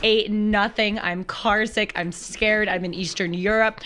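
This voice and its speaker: A woman hosting a talk show, telling a travel story in a lively, chatty way and acting out the people in it. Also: mid-range voice, measured pace, slight background noise. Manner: animated storyteller who acts out quoted voices. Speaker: show host. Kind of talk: casual chat.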